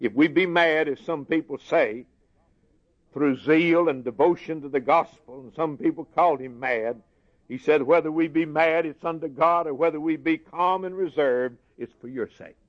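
Preacher guy, earnest sermon, goes hushed then loud, muffled old-tape sound. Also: fairly high pitch, moderate pace. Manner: earnest, swings from soft and hushed to raised emphasis. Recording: dull lo-fi sermon recording.

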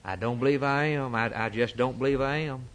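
A man's voice: medium pitch, fairly quick, a bit bright. A male preacher delivering a sermon from the pulpit, emphatic and rhetorical, with folksy turns of phrase.

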